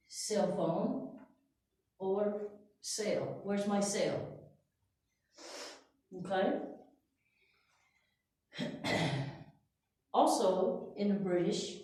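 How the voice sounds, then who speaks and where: An American woman teaching an English lesson, speaking slowly and deliberately and checking in with her listeners. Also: mid-range voice, mellow. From United States. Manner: slow, deliberate, checks in with "Yes?" and "Okay?". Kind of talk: slow classroom lesson. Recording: echoey room, voice far from the mic.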